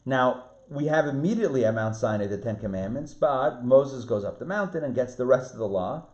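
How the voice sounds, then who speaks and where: A man, a rabbi, teaching an online Torah class, lively, restarting phrases and asking his students questions. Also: mid-range voice, brisk. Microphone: video call. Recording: roomy, muffled video-call audio.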